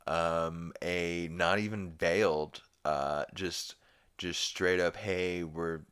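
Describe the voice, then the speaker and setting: A man's voice: deep voice, fairly bright tone, clear, resonant tone, no echo, studio quality. A man hosting a podcast, rambling through a casual episode recap with lots of "um" and "like". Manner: rambling, full of "um" and "like". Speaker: podcast host.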